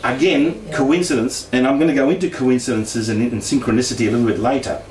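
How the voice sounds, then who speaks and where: This middle-aged man from Australia speaks quickly in a darkish, mid-range voice while casually sharing his paranormal experiences. He laughs often and performs the voices he quotes. The recording has room echo, a distant mic, and faint noise.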